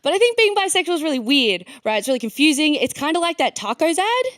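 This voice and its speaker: A woman's voice: high voice, sing-song, fast, a bit bright, no room sound, studio quality. A young Australian woman performing a stand-up set on stage, rambling and self-deprecating. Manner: rambling, self-deprecating, filler-heavy delivery. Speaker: stand-up comedian. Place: stage before a live audience.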